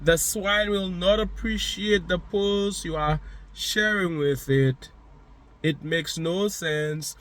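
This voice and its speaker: A man's voice: high voice, takes it slowly, a bit bright. A man giving a motivational monologue, speaking to the listener directly with emphatic, repeated phrases.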